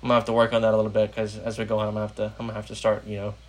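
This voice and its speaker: A man's voice: on the low side, monotone, very fast. Young american guy on a podcast, chatty, lots of um and uh. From United States. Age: young adult. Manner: rambling, heavy with "uh" and "um" fillers. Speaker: podcast host. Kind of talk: casual political podcast chat.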